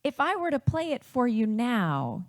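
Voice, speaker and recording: A woman from Wisconsin telling a personal family story in a reflective, unhurried way. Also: on the high side, sing-song.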